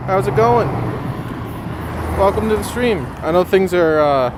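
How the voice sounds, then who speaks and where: A man's voice: high voice, animated, a little slow, noisy background. A man hosting a casual live stream, chatting and reading viewer comments aloud with frequent ums.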